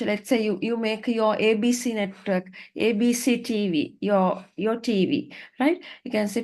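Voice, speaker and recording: A woman's voice: on the high side, measured pace, darkish tone. A woman teaching an online lesson, patient and encouraging, often checking in with "right?". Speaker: English teacher. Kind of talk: online English lesson, coaching students. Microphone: video call.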